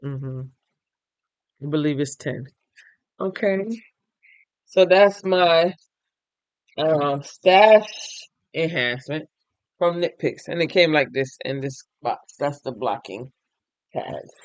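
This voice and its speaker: A tired, yawning man hosting a crochet and knitting podcast, chatting casually as he shows his items to viewers and thinks out loud. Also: a little high, takes it slowly, long pauses, smooth, no echo, dull audio. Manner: chatty, thinks aloud, addresses viewers directly. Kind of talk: casual show-and-tell chat.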